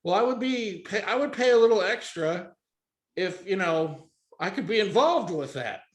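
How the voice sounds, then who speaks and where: A man's voice: sits high, animated, normal speed. A man voicing an awkward male caller who stumbles and hesitates through a strange request. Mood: sheepish. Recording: roomy echo.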